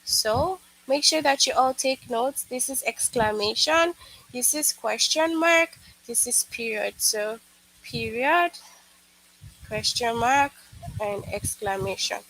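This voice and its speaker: A woman's voice: fairly high pitch, animated, takes it slowly, fairly bright tone, poor audio. A woman teaching an online lesson to young children, patiently explaining and repeating herself, with many "okay"s and "all right"s.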